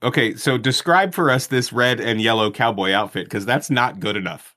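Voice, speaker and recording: A man in his forties playing a tabletop game, excitable and pleading. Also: medium pitch, moderate pace. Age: 40s. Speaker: player. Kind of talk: tabletop role-play.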